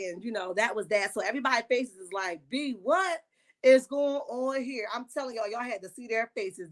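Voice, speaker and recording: A woman, recapping a reality show on a casual livestream with sassy, animated asides. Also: on the high side.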